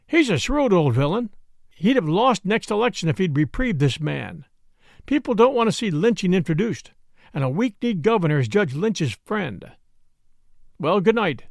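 An opinionated newspaper man who chats freely, from a storybook reading, put on by a man. His voice is high and gravelly, and the recording is dry and close. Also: sing-song, moderate pace, dry recording, heavily acted. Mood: chatty. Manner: chatty, opinionated.

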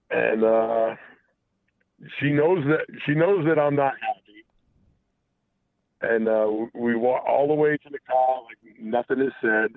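A man's voice: mid-range voice, gravelly, no echo. A man calling in to a talk show, telling a candid personal story in a rambling way full of restarts and profanity. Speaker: caller. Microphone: phone. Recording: tinny phone line.

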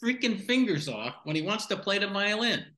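A man's voice: high-pitched, very animated, a little fast, echoey room, background noise. A man co-hosting a film podcast, speaking bluntly and with exasperation, tossing in sarcastic quips. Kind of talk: casual film discussion.

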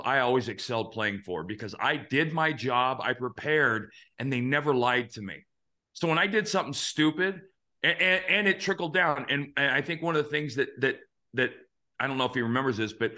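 A man in his fifties hosting a podcast, telling earnest, animated stories in a casual chat and swearing now and then. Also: medium pitch. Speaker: podcast host.

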